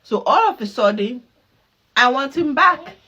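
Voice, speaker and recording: Animated mother telling a story. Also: high-pitched, a little slow, husky, lo-fi sound. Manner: animated, acts out dialogue, laughs often. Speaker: mother reacting to a clip. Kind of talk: casual storytelling.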